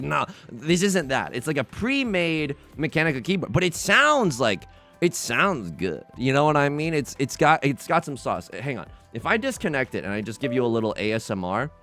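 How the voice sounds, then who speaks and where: Guy doing a let's play, bouncy pitch all over, jokey and self-mocking, faint music behind him. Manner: animated, joking, quick restarts and self-mocking asides. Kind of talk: casual gameplay commentary.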